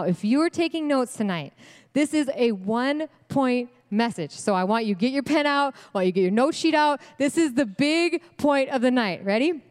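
A woman delivering a sermon at a women's event, animated and slangy, laughing often. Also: fairly high pitch. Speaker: speaker at a women's ministry event. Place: church event hall. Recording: long hall reverb.

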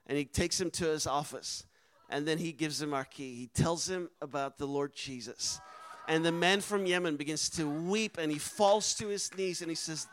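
In a lively storytelling sermon, a man with a high, light voice recounts a story from the mission field. His delivery is brisk and animated, building to loud, emphatic peaks.

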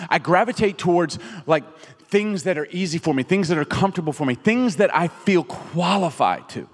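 A middle-aged man preaching a sermon in an animated, conversational way, acting out quotes as he goes. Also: high-pitched, a little fast. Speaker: pastor. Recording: reverberant hall.

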